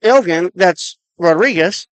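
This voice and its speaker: Radio basketball play-by-play, rapid clipped calls, clock countdowns, mid-pitched voice. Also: lively intonation, no echo, low-quality recording. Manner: rapid clipped calls of each pass and shot. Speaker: play-by-play announcer.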